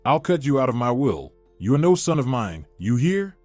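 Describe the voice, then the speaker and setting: A domineering older mother-in-law, scornful and commanding, as a male storyteller reads her lines. The delivery rises and falls with lively pitch. It sits dry and close with faint music underneath. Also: moderate pace, dry recording, close to an everyday voice. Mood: furious.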